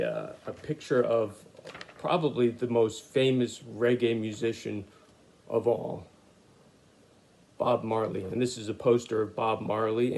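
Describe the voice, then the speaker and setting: A man teaching an online art lesson to children, talking in a relaxed, chatty way with lots of fillers. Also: mid-range voice, gravelly, slight background noise. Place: home studio, hot room. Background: reggae music playing.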